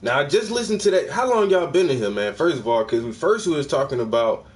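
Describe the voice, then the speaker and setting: A man hosting a casual reaction commentary, talking in profane street slang with loud exclamations. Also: on the high side, animated, brisk. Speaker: host reacting to a clip.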